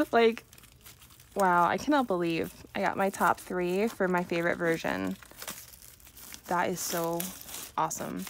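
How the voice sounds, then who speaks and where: A young woman unboxing an album on camera, gushing and giggling with lots of excited exclamations. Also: lowish voice, unhurried, pauses often, a little hiss or hum. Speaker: unboxing vlogger. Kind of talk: excited casual unboxing chat.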